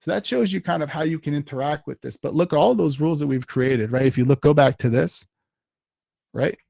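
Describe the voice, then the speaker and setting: Gravelly man talking through a demo. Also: on the high side, brisk, a little mellow, no room sound, clean studio sound. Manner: casual, thinks aloud while typing commands. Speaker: tech meetup presenter. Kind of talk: live software demo walkthrough.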